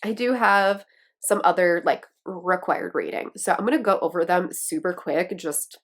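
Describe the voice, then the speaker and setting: Brief: woman, Wisconsin accent, lowish voice, bubbly casual book-vlog chatter. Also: moderate pace. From Wisconsin, USA. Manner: chatty and excitable, self-deprecating laughs. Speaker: book vlogger. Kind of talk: casual chat to camera.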